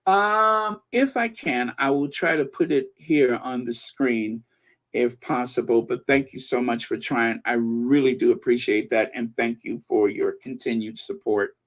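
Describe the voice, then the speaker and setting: A man hosting a casual live stream, reading news and viewer comments in a chatty, excitable way. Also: mid-range voice, a little slow. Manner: chatty and excitable, laughing often. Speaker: channel host and commentator.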